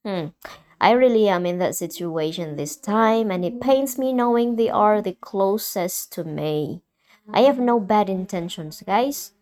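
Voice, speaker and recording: A young Filipino woman with a mix of American and British in her accent, hosting a personal solo podcast and talking candidly and emotionally, often halting and restarting. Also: medium pitch, expressive, a little mellow. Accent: Filipino, mixed with American and British. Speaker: podcast host.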